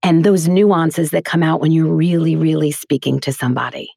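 Low gravelly-voiced woman, earnest and emphatic. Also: steady tone, normal speed, mellow, no echo, clean studio sound. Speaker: voiceover artist and teacher as guest. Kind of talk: casual podcast interview.

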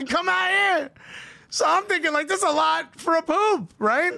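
A man's voice: very high-pitched, measured pace, creaky, no room sound. A man from Newark, co-hosting a podcast, telling a funny story with lots of laughter and acted-out quotes. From Newark, United States. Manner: animated, laughing, acts out every voice in his story. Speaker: podcast co-host. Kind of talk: casual comedic storytelling.

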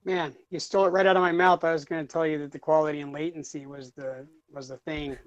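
A man co-hosting a gaming podcast, joking and self-mocking with a halting, hesitant delivery. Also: a little high, level tone, dull audio. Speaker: podcast co-host. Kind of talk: casual gaming chat.

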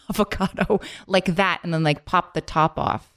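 Woman, podcast co-host, casual chat, fast with fillers, lowish voice. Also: fairly even intonation, a bit bright. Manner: quick, upbeat, many filler "like"s.

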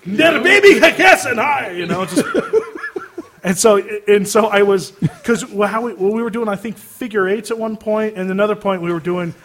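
A man telling a comedy story on a casual podcast, laughing often and breaking into loud silly voices. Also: sits high, fairly even intonation, normal speed, slight background noise. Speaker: podcast co-host.

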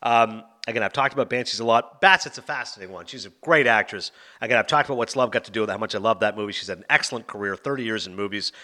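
A man hosting a movie podcast, chatting casually and telling quick anecdotes. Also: on the low side, sharp tone. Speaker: podcast host.

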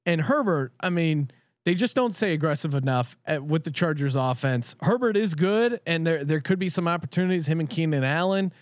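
A man's voice: a little high, lively intonation, a little fast, no echo. A man co-hosting a sports betting show, talking bluntly and swearing freely as he gives his picks. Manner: blunt and profane, candid picks. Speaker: sports betting podcast co-host. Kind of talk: casual sports betting chat.

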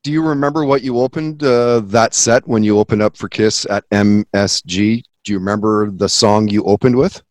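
A man hosting a casual podcast interview, asking quick questions and reacting briefly to the guest. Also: fairly low pitch, darkish tone, no echo. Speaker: podcast host.

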